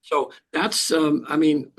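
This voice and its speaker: An older man, a hypnotherapist guest, tells a personal story in an interview, halting with frequent restarts and throat clearing. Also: on the high side, steady tone.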